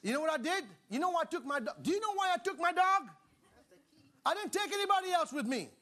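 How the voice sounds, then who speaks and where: A man preaching an exuberant sermon, often shouting and laughing, calling on the congregation to respond. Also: extremely high pitch, animated, quick pace.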